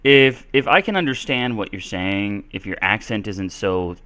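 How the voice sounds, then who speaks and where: Guy teaching english on a live stream, chatty with lots of ums, lowish smooth voice. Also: lively intonation, normal speed, bright, forceful tone. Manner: casual, chatty, many fillers.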